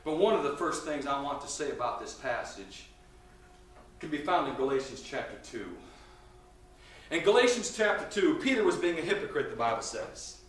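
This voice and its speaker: Emphatic high-voiced preacher in an echoey church. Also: male voice, lively intonation, moderate pace, slight background noise. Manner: emphatic, shifts between loud and quiet. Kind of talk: sermon. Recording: echoey church hall from a distance.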